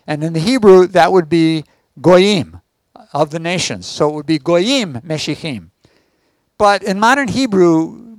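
Man teacher, high voice, dry close sound, checks in with the room often, sermon delivery. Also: clean tone, no echo. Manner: asks the audience check questions. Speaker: Messianic teacher.

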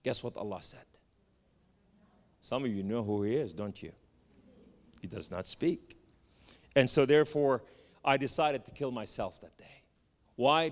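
A man giving an impassioned sermon testimony, swinging from loud cries to hushed tones. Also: medium pitch. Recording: long reverb of a large hall.

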